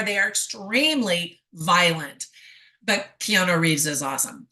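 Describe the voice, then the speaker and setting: Bright, chatty woman reviewing a movie. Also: mid-range voice. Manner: chatty, laughs often, quotes dialogue with relish. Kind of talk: casual spoken review.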